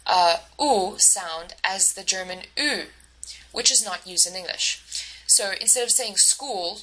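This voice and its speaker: A woman's voice: mid-range voice, bright, forceful tone, low-quality recording. A woman instructor giving a recorded lecture, explaining step by step with frequent fillers and self-corrections. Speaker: university instructor.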